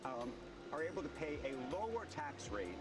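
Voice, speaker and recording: A man interviewing a guest, asking a pointed question briskly. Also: on the high side, animated. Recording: distant mic over loud music.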